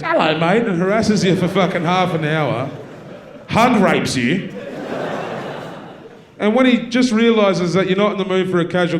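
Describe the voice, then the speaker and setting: A man with an Australian accent doing a stand-up comedy set, telling dark stories in a profane, deadpan way. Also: high-pitched. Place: university theatre with live audience.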